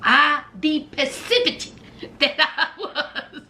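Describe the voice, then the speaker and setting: A woman giving sassy, animated commentary on a reality show from home, laughing often as she talks. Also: high-pitched, drawn-out words, a little hiss or hum. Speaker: reaction vlogger.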